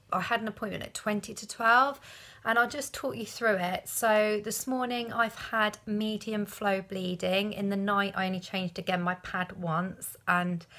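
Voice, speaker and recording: A woman's voice: fairly low pitch, fairly bright tone. A woman in her thirties talking candidly to camera in a personal vlog, rambling and retelling conversations. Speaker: vlogger.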